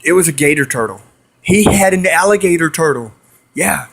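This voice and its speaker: A little high, expressive and creaky, this young man talks at a moderate pace. As a vlogger, he tells his viewers a wandering story to camera, repeating lines and hissing to mimic animals.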